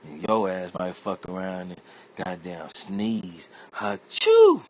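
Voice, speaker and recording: A man's voice: low-pitched, fairly even intonation, takes it slowly. A man delivering a rambling, profane comedic rant in a streetwise, conversational way. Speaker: internet comedian.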